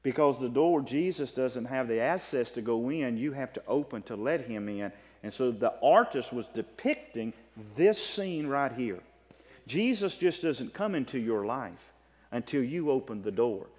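A man preaching a sermon as pastor, animated, with a rising and falling delivery. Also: mid-range voice, unhurried. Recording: long reverb of a large hall.

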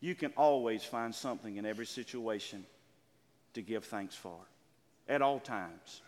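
An older man preaching a sermon as pastor, calling out to his congregation and drawing out key words slowly. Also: lowish voice, a little mellow, long reverb tail. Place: church sanctuary.

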